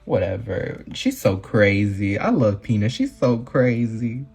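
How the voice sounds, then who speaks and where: A man's voice: fairly low pitch, very animated, a little slow, vocal fry, a little mellow, husky, faint music behind. A man chatting casually in a vlog, gushing and full of fillers. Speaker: vlogger. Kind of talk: casual chat.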